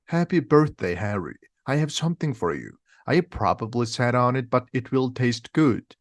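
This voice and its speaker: A huge, gentle bearded giant from a storybook , voiced by a male reader. He booms with blunt, indignant warmth, his voice lifted and animated. The sound is dry and close to the mic. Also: moderate pace, no echo, lightly acted. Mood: friendly.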